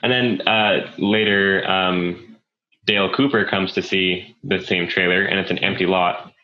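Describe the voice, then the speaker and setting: Deep-voiced man chatting about films. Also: steady tone, a little slow, highs cut off. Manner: casual, profane, rambling with fillers. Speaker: podcast co-host. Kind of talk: casual chat about film.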